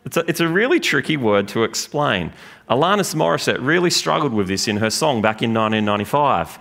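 A man preaching a sermon in a church, lively and joking with the congregation. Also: medium pitch, fairly quick, creaky. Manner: lively, animated preaching with jokes. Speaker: pastor. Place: church gathering room.

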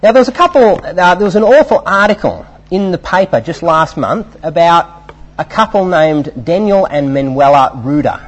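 A man preaching a sermon in an animated, emphatic way, with fillers between his points. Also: on the high side, normal speed, highs cut off.

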